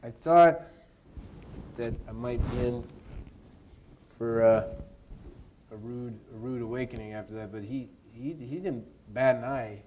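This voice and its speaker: A man, an actor, telling a lively anecdote in an interview at a university event, laughing and mimicking the people in it. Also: mid-range voice, unhurried, pauses often, slight background noise. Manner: animated, laughing storyteller who mimics others.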